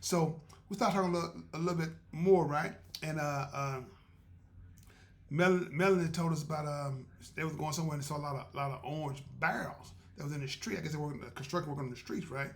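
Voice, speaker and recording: Male podcast host, casual storyteller, slightly high gravelly voice, laughs a lot. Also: a little fast. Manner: chatty, laughs often, acts out quotes.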